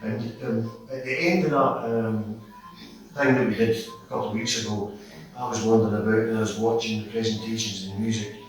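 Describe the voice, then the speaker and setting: A man's voice: lowish voice, steady tone, a little fast, faint music behind. Passionate Scottish man in an echoey hall. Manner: passionate, rambling storyteller with many restarts. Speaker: audience member at a public meeting. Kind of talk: impassioned public speaking. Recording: echoey hall, distant mic.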